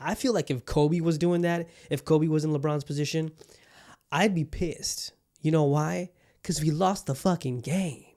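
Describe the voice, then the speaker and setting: A man rambles through a casual solo rant on his own podcast, swearing plenty as his mood shifts from somber to heated. His voice is on the high side with a darkish tone.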